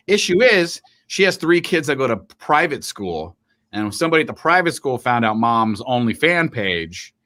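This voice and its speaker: Male co-host, lively pitch, bright tone, rambling casual live-stream banter. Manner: rambling, animated, jokey.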